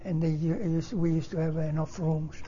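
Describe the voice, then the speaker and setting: An older man from Northern Italy, native Italian, speaking English with an Italian accent and halting, broken phrasing, telling his life story in an interview. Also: fairly high pitch, little pitch movement, warm tone, muffled recording, a little hiss or hum. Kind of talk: oral history interview.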